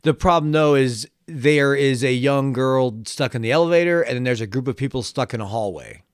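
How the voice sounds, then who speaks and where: A man's voice: mid-range voice, smooth, no echo, studio quality. Wisecracking man on a podcast. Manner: wisecracking, quick asides. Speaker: podcast co-host. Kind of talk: casual comedic banter.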